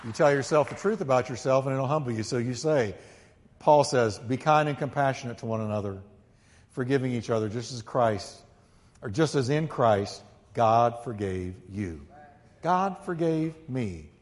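A male pastor preaching a sermon emphatically, swinging from quiet, low asides to loud, ringing peaks and calling on the congregation to repeat after him. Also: expressive, normal speed. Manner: calls on the congregation to repeat lines. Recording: long hall reverb.

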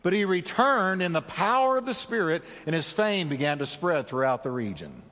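Male pastor, animated sermon delivery, slightly high voice, long hall reverb. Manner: dramatic preaching with big swings in pitch and slowed emphasis.

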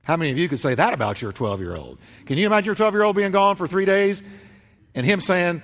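A man delivering a sermon from the pulpit, his slightly high voice rising and falling with wide, animated swings. He tells the story dramatically, going loud and then dropping to a near hush. The sound rings with a long reverb, as in a large church. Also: fast. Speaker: pastor.

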